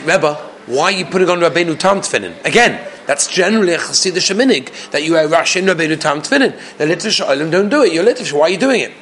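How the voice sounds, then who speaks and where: Leaning a bit high and somewhat bright, this rabbi's voice carries a faint hiss or hum. Teaching a Torah class through stories, he voices the characters himself and keeps posing rhetorical questions to his audience.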